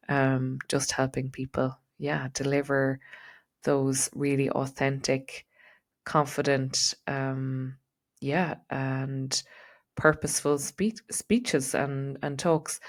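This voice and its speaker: A woman with a neutral Irish accent, giving a chatty solo podcast talk as host and coach, with frequent ums and likes. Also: extremely low pitch. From Ireland.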